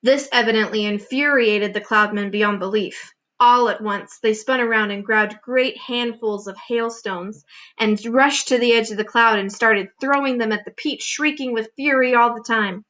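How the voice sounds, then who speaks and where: A woman teacher reading a children's chapter book aloud with expressive storytelling. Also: fairly high pitch, moderate pace. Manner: expressive storytelling, showing pictures.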